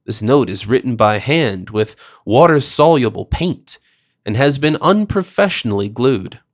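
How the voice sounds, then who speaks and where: A man voicing a composed, sharp male detective who questions people with precise authority. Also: medium pitch, expressive, a little slow, close to an everyday voice. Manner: precise and commanding.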